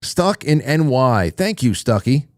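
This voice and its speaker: A man's voice: medium pitch, big pitch swings, unhurried, dry recording, studio quality. A man hosting a call-in show, reading viewer messages aloud in a chatty, jokey way and reacting with surprise. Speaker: radio show host.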